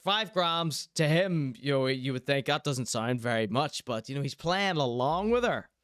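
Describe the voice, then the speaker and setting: A man's voice: mid-range voice, animated, normal speed, a bit bright, clean tone, dry recording, clean studio sound. A man hosting a show, commenting on clips casually and enthusiastically, often repeating himself. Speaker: show host.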